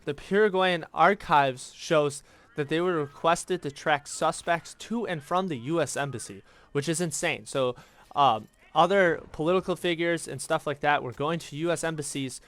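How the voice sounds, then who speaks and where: A man's voice: on the high side, moderate pace, a bit bright. A man from the United States rambling through casual, profane history commentary over gameplay, with lots of fillers. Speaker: gaming YouTuber.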